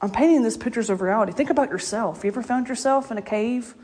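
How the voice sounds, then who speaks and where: A woman's voice: on the high side, fast talker, darkish tone, husky. A woman preaching a casual, story-filled sermon. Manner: conversational storytelling, laughs often. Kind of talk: informal sermon.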